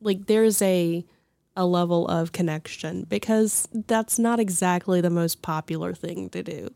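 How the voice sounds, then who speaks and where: Low-voiced, mellow woman podcast co-host. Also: measured pace, creaky, no room sound. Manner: chatty, laughs often, trails off and restarts. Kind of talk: casual chat.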